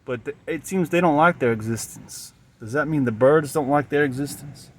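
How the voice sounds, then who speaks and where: A man's voice: on the high side, normal speed, a little hiss or hum. A man vlogging outdoors by a gas station, talking in a rambling, musing way and repeating himself as he goes.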